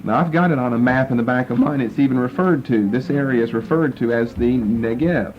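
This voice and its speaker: A man's voice: medium pitch, brisk. A man teaching a Bible class and patiently walking listeners through verses and Hebrew words. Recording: dull lo-fi lecture recording with faint noise.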